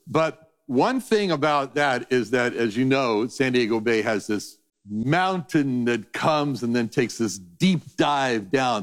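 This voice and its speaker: A man giving a conversational sermon as a Bible teacher, telling stories animatedly and acting out voices. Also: mid-range voice. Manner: animated storytelling, acts out voices.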